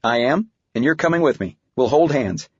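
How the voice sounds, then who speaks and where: Playful coaxing dad, read by a man; slightly raised, husky, dry booth, dull recording. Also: medium pitch, expressive, moderate pace, no echo, voice pushed up. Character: middle-aged father, playful and coaxing. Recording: dull, muffled audiobook recording.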